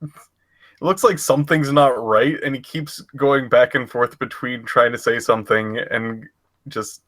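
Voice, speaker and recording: A player in a tabletop game, narrating haltingly with many fillers. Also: mid-range voice, steady tone, a bit bright. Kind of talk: casual tabletop role-play narration.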